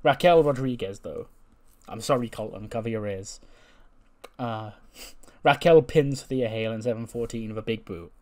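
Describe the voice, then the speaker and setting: A man's voice: medium pitch, normal speed, darkish tone. A man talking through a wrestling management game in a loose, rambling way, with frequent fillers and restarts. His voice sits in a plain middle male range. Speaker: game commentator. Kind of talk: casual game commentary.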